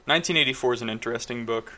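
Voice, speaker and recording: A man's voice: mid-range voice, very fast, crowd noise. A man co-hosting a podcast in casual chat, blunt and opinionated. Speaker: podcast co-host.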